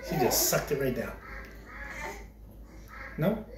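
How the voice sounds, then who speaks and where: A man's voice: medium pitch, very animated, takes it slowly, noisy background. A man talking to his twin babies while he feeds them, switching between casual remarks and playful sing-song baby talk. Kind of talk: casual home vlog narration. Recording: echoey room with clear crowd chatter.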